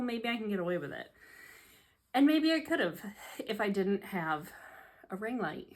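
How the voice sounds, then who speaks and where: A woman records a casual hobby vlog on her phone camera at home, seated at a tray table and chatting in a sarcastic, self-deprecating way with frequent laughter. Her voice is medium-pitched with a fairly bright tone.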